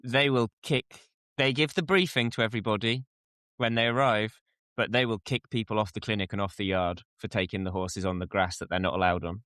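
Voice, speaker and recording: A man's voice: fairly low pitch, steady tone, brisk, fairly bright tone, no room sound, studio quality. Playful man chatting on a podcast. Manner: playful, jokey, dramatic quoted outbursts. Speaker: podcast co-host. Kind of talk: casual chat.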